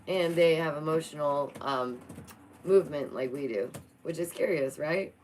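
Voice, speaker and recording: A young woman chats playfully through the news, her voice sitting on the low side. Faint noise hums behind her. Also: normal speed, poor audio. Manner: playful, chatty, talks to her cat between reading. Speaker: vlogger. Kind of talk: casual chat reacting to news.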